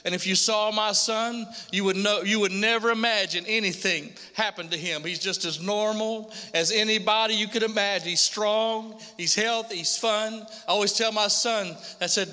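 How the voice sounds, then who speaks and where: Middle-aged man, bright tense tone, earnest testimony, repetitive storytelling. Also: high voice, steady tone, normal speed, few pauses. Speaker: father giving a testimony to a pastor. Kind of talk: emotional personal testimony. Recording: long hall reverb.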